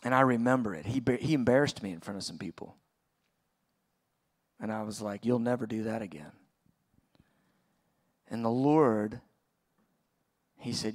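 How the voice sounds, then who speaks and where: Gravelly-voiced man preaching a sermon. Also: lowish voice. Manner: conversational storytelling, often halting and restarting. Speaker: pastor. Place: church auditorium.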